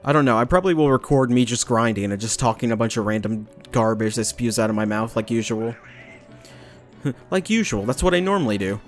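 Brief: young male let's-player, mid-pitched, rambling jokey chatter, faint game music under. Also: lively intonation, fairly quick. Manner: rambling, jokey, swears, bursts into loud taunts. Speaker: gameplay commentator. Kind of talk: casual let's play commentary.

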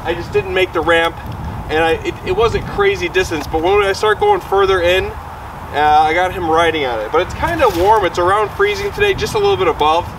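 A man's voice: high voice, wildly swooping pitch, a little fast, distant mic, noisy background. A man vlogging outdoors on a frozen lake, chatting casually and talking to his dogs between remarks. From Michigan. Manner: chatty, talks to his dogs, rambling asides. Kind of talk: casual camping vlog talk.

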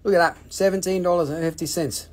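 A husky, slightly breathy voice at an ordinary middle pitch, belonging to a seller on a live sales stream. The talk is loose and jokey, swearing freely and rambling between prices. It is casual, unscripted patter. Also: fairly even intonation, fast.

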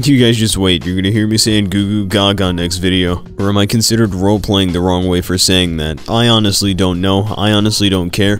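A young man with a fairly low voice gives comedic reaction commentary. He is sarcastic and incredulous and plays up how disturbed he is.

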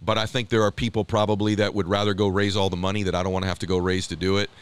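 A man's voice: low voice, rapid-fire, clean tone. A middle-aged man as a podcast guest, talking in an earnest, motivational way and acting out the dialogue in his stories. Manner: animated storyteller, acts out quoted dialogue. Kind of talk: podcast interview.

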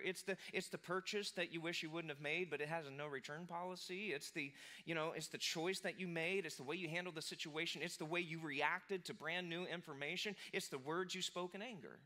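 A man's voice: fairly high pitch, a little fast, few pauses, sharp tone. A man in his forties, a pastor, giving a casual, self-deprecating sermon told as a personal story. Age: 40s.

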